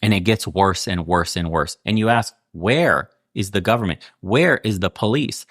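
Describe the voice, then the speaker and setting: A man's voice: lowish voice, normal speed, a bit bright, dry recording, studio quality. A man hosting his own channel, delivering a heated political commentary rant full of sarcasm, swearing and rhetorical questions. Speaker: channel host.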